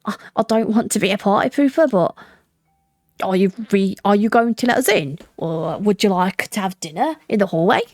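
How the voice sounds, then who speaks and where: A woman's voice: mid-range voice, expressive, normal speed, no echo, studio quality, soft background music, natural voice. A woman doing a teasing young guy friend. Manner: teasing and playful. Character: joking, easygoing young man friend.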